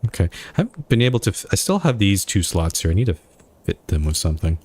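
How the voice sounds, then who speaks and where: A man's voice: deep voice, big pitch swings, quick pace, darkish tone. A man streaming a role-playing game, reading its dialogue and narration aloud and reacting with dry remarks between lines. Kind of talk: let's play with game text read aloud. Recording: faint music behind the voice.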